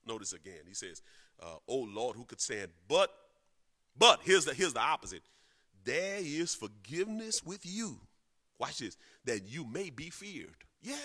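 A middle-aged man preaching a sermon as pastor, dropping to low talk and then rising to loud shouted cries. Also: very animated, normal speed.

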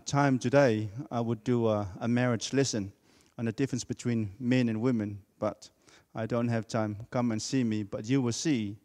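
A man's voice: medium pitch, a little mellow, long reverb tail. A man preaching a sermon in a church, speaking emphatically and repeating key words for effect.

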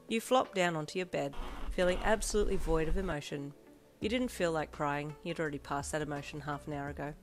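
A woman reading a fanfiction story aloud in the second person, calm and even, as a storyteller. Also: deep voice. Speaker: fanfiction reader. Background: soft backing music.

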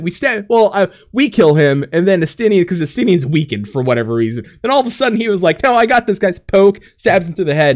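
A young man with a high, bouncy voice tells a game's story in loose, profane casual chat. He laughs often, jumps into quick character voices, and sounds a little out of breath. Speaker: podcast co-host recapping a game story.

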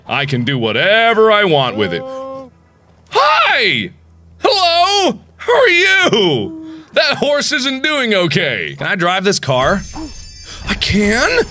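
A man riffs through gameplay commentary, jumping from loud yelps to low mutters. His voice sits high and bright with huge swings in pitch. Faint music plays underneath. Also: slow pace. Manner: excitable, jokey, swings between yelps and mutters. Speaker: gaming video host.

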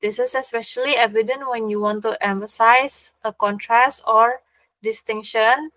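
A woman teaching a language lesson, explaining grammar slowly and patiently with examples. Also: a little high, fairly even intonation, a bit bright, dry recording.

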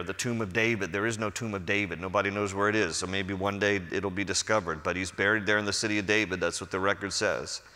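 Man, pastor, Bible study teaching, crisp bright tone, lively conversational storytelling, long church reverb. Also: fairly low pitch. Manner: conversational, animated storytelling with acted-out quotes. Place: church sanctuary.

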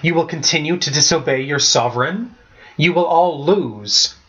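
A man's voice: fairly high pitch, moderate pace, a bit bright, dull audio, lightly acted. A man voicing a haughty teenage lord who serves as a royal emissary, speaking in a stern, commanding way.

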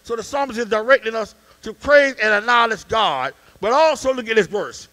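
A male deacon preaches in a cadence, trading quiet asides for shouted peaks. His voice sits very high for a man and has a bright, forceful edge. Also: animated, normal speed, rough recording. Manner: call-and-response preaching, swings from quiet to shouting. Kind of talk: sermon.

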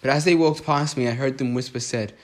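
A man's voice: mid-range voice, fairly quick, slight background noise. A young man telling a story casually, rambling and swearing with frequent restarts. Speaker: vlogger. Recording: echoey room.

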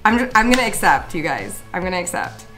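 A woman hosting a gaming channel, commenting excitedly over gameplay with frequent gasps and exclamations to her viewers. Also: fairly low pitch, fast talker, faint music behind.

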